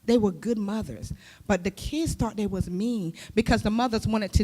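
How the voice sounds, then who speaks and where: A woman's voice: medium pitch, normal speed. Woman preaching with rhetorical questions. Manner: lively, with rhetorical questions to the audience. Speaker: church speaker and youth teacher. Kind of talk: conversational sermon. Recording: long hall reverb.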